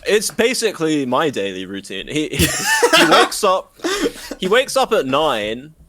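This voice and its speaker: Animated man, very lively pitch. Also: measured pace, background noise. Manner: animated, swings into mock voices and swearing. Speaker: podcast co-host. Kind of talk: casual comedic chat.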